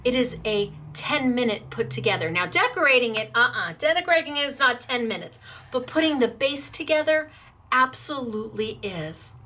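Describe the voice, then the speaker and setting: Middle-aged woman hosting a craft tutorial, high-ish bright voice, gushy and encouraging. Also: lively intonation, moderate pace. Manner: bubbly, encouraging, gushing. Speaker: crafting show host.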